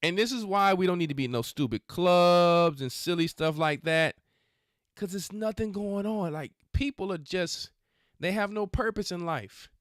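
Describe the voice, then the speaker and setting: A man's voice: high voice, normal speed, no echo, studio quality. A man hosting a faith podcast, giving casual, scolding commentary on videos he plays, mixing slang with prayer. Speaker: podcast host.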